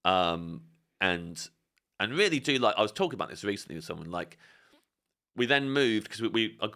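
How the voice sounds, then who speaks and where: Man, low gravelly voice, bright tone, rambling casual storytelling. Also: very animated, normal speed. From England. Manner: rambling, self-deprecating, breaks into laughter. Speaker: podcast guest.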